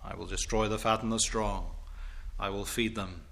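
A man preaching a sermon in formal, old-fashioned diction, building to loud, emphatic declamation as he reads scripture. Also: fairly low pitch, steady tone, normal speed, creaky.

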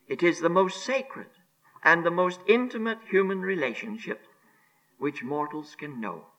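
A man preaching a sermon on scripture, emphatic and deliberate, repeating key phrases and sinking to a hushed near-whisper on solemn words. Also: a little high, animated, rough recording. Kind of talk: expository sermon.

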